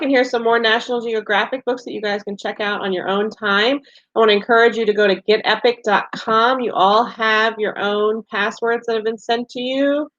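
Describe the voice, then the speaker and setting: A woman teacher reading a picture book aloud to young children, expressive and playful, then explaining the week's assignments. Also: mid-range voice, dry recording. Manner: slow, expressive storybook reading with playful animal sounds. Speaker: preschool teacher. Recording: dull lo-fi sound in a dry room.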